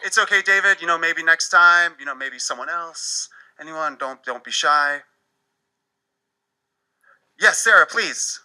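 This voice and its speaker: A man's voice: on the high side, unhurried, pauses often, sharp tone, clean tone, poor audio. Man playing a chirpy math teacher. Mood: cheerful. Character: upbeat classroom math teacher, male.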